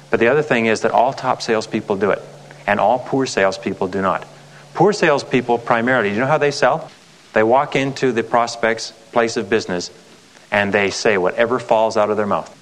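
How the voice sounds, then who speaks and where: A man's voice: fairly low pitch, fairly quick, fairly bright tone. A man leading a motivational sales seminar as a sales trainer, emphatic and repetitive, often asking the audience rhetorical questions.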